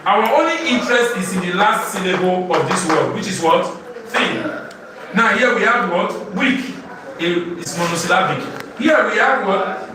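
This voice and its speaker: High-voiced teacher in echoey classroom. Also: male voice. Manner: call-and-response questioning, repeating "what?". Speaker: literature teacher. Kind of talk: live classroom lesson. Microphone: far from the mic. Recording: echoey room, distant mic, audible class.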